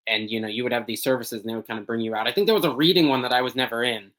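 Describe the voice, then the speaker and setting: Young male guest, hesitant and halting, mid-pitch voice, lots of ums; casual interview talk. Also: a bit bright, low-quality recording. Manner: hesitant, many ums and restarts, searching for words. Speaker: podcast guest.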